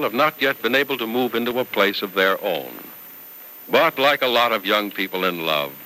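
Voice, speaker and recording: A man's voice: medium pitch, pushed and bright, poor audio. A man announcing and narrating in an emphatic 1940s radio style, recorded on an old radio transcription. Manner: emphatic, selling, stately narration.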